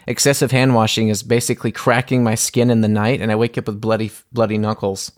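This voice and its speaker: A man hosting a podcast in casual chat over a phone call, relaxed and swearing freely. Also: fairly low pitch, fast, dry recording, clean studio sound. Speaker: podcast host.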